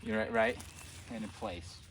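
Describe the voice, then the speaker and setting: A man working as a dog trainer, explaining his methods in a relaxed way outdoors and often checking in with "right?". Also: on the low side, a little slow, gravelly. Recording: distant mic outdoors, faint background noise.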